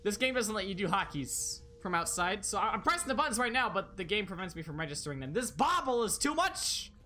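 A streamer giving excitable live commentary while playing a shooter, yelping and talking to chat. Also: mid-range voice, quick pace. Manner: excitable, yelps and laughs, talks to chat.

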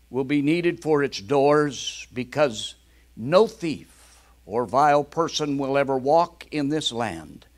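An older man preaching a fervent sermon with exclamations. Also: mid-range voice.

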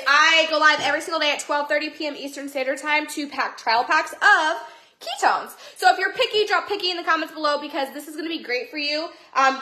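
A woman hosts a casual phone livestream from home, chatty and bubbly, greeting viewers by name. Her voice is high, bright and sharp. The room around her echoes. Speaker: livestream seller. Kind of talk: casual livestream sales chat.

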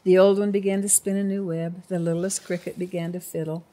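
An older woman, a grandmother, reading a children's storybook aloud in an expressive voice. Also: lowish voice, fairly quick.

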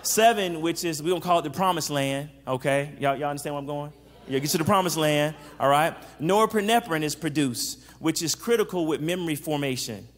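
A psychologist giving an animated faith-based teaching talk. He keeps checking in with the audience and acts out the lines he quotes. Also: a little high, brisk, long reverb tail.

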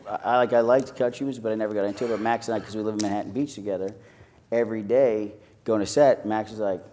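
A young Irish man with a slightly low voice, speaking as an actor on a panel stage. He tells lively, jokey stories in a casual chat. A faint hum of the venue sits behind him. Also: fast. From Ireland. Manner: lively storyteller, jokey and animated.

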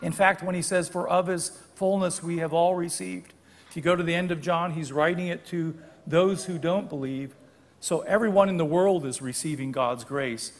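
A man's voice: fairly high pitch, steady tone, moderate pace, long reverb tail. An older man giving a guest sermon in a church, explaining scripture in a conversational way and correcting himself now and then. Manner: explanatory, conversational preaching with small self-corrections. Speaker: guest preacher. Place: church sanctuary.

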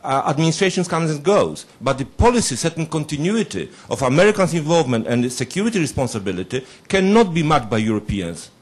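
A man from Poland, commenting from the audience in a halting way with many fillers. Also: on the high side, sing-song, darkish tone, breathy edge. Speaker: audience member. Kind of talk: question from the floor.

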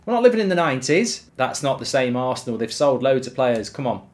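A man streaming a football video game, reacting loudly, swearing and cheering at the play. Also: mid-range voice, a little fast, a little hiss or hum. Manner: excitable, swears, shouts at the game. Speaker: gaming streamer. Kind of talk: live football game commentary.

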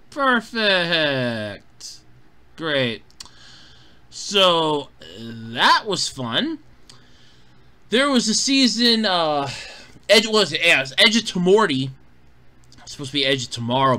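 A man's voice: high-pitched, sharp tone. A man ranting in an exasperated, sarcastic review, swearing freely as he talks. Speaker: show reviewer.

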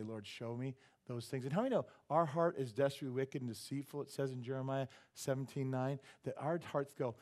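A man preaching a sermon in church. He gets loud and then drops to a hush, acts out quoted voices and jokes with the congregation. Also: mid-range voice. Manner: animated, swings from loud exclamations to hushed asides. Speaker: pastor. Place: church sanctuary.

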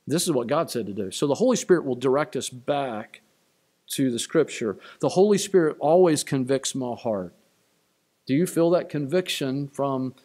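Male pastor, slightly high voice, emphatic church sermon delivery with repeated refrains. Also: darkish tone. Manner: emphatic, repeats key lines, rising on quotes. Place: church sanctuary.

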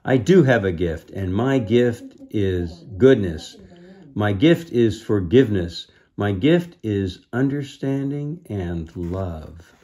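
A man's voice: fairly low pitch, expressive, slow, dark tone. A man voicing a defiant, good-hearted young boy sorcerer in a children's storybook.

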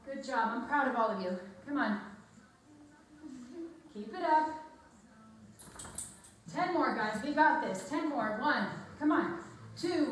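A woman's voice: sits high, slight background noise. A woman fitness instructor coaching a home workout class, upbeat and encouraging, counting reps aloud and a little out of breath. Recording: echoey room, mic far off.

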